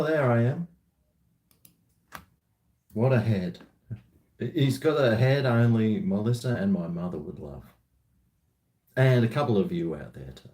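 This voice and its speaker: Australian man, casual live-stream banter, mellow voice, echoey home room. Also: medium pitch. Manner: joking, laid-back banter with viewers. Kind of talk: casual live-stream chat while drinking.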